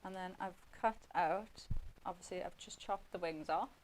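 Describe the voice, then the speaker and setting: A woman's voice: lowish voice, moderate pace, slight background noise, low-quality recording. A woman giving a chatty running commentary while demonstrating a craft on live TV.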